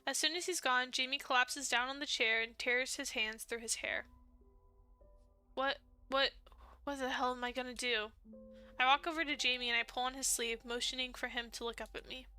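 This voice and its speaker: Young woman streamer, expressive, very high voice, smooth tone, faint game music behind. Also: brisk, few pauses. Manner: expressive, giggly, emotional reactions. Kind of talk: let's play with read-aloud narration.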